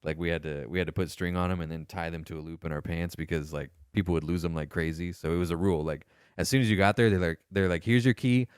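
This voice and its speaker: A man co-hosting a casual podcast, telling stories with lots of swearing and animated quoted voices. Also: sits low, fast, clear, resonant tone, no room sound, clean studio sound. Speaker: podcast co-host, former Marine. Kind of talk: casual storytelling chat.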